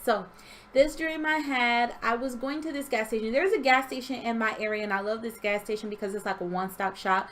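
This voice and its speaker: A young woman telling a story from her dream in an animated, expressive way, acting out sounds. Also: fairly high pitch, brisk, slight background noise. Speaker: vlogger. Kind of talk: storytelling vlog.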